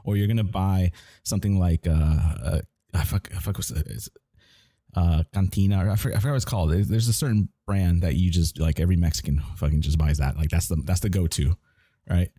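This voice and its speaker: A man's voice: sits low, fairly quick, dark tone, slightly rough, no room sound, studio quality. A man telling a rambling, profane story in casual chat while gaming, with many restarts. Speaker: gamer chatting on stream.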